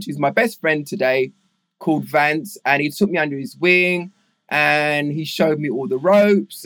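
This guest is a middle-aged man from England with a London accent whose fairly high voice carries no echo. In a relaxed interview he wanders animatedly through tales of his life, leaning heavily on fillers.

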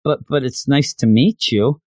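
Brief: man doing a timid little girl, raised pitch, hesitant. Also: measured pace, dry recording, studio quality, close to an everyday voice. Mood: shy. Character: cheerful shy ten-year-old girl.

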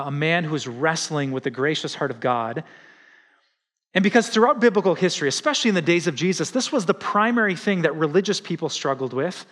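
A middle-aged man preaching a sermon as pastor, animated and conversational, often acting out quotes. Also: on the high side, fairly quick. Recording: reverberant hall.

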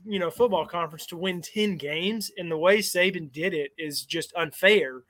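A man's voice: high voice, moderate pace, fairly bright tone, no room sound. A man, a former player guesting on a sports podcast, speaking hesitantly. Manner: hesitant, lots of fillers and restarts. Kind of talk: casual sports podcast chat.

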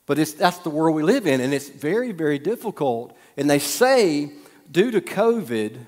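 A male pastor gives a conversational sermon with storytelling, teasing the congregation with questions. His voice is a little high, with big pitch swings and normal speed, and the hall has long reverb.

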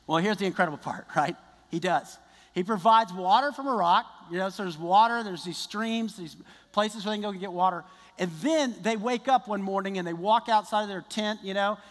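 Male pastor, high voice, lively conversational sermon, long hall reverb. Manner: conversational, animated preaching with restarts.

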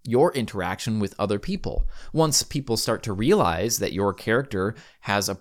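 A man's voice: on the low side, animated, normal speed. A man hosting a podcast and giving tabletop game advice in a chatty, upbeat monologue, with casual slang and frequent ums. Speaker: podcast host and game master.

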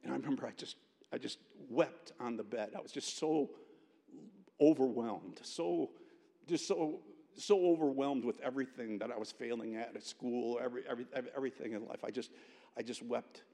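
A man preaching a chapel sermon, telling a personal story in an animated way with frequent restarts. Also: mid-range voice, fairly quick. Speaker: pastor, guest chapel speaker. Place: college chapel. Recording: long chapel reverb.

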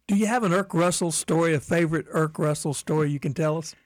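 Higher-voiced male interview host. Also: fast, dry recording, studio quality. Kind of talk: interview questions.

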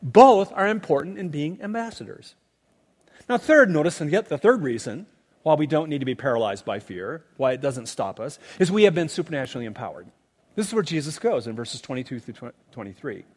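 Man preaching, explaining scripture with emphatic asides, very lively pitch, echoing hall. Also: brisk. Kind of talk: sermon. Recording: long reverb of a large hall.

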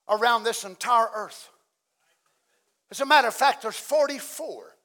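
A middle-aged man preaching a fiery sermon as pastor, swinging from hushed asides to loud shouting. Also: very high-pitched, big pitch swings, normal speed.

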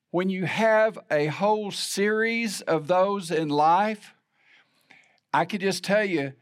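A middle-aged man preaching a sermon in a conversational, storytelling way with self-deprecating humor. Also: high voice. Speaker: pastor.

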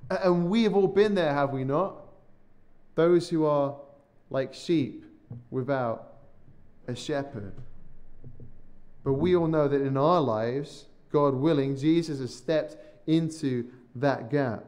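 Pastor guy preaching a podcast sermon, earnest, slows way down and goes quiet on the big lines, voice sits a bit high. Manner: earnest, slows down and drops his voice on key phrases; repeats words when starting a sentence. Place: church or studio, podcast recording.

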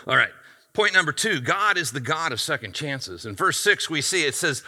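A man's voice: high voice, expressive, a little fast, bright, forceful tone. A man pastor delivering a sermon in an emphatic, conversational way.

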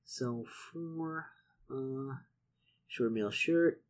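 A man playing a solo tabletop adventure, reading out the rules and shop lists and doing his sums aloud, easily excited. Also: medium pitch, very slow, slight background noise. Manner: excitable, muttering calculations. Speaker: solo tabletop game player. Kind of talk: casual narration of a solo gamebook.

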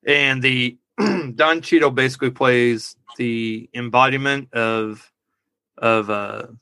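A man's voice: medium pitch, steady tone, slow pace, pushed and bright, smooth, dry recording. A man co-hosting a casual movie review podcast, rambling and laughing at his own jokes. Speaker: podcast co-host.

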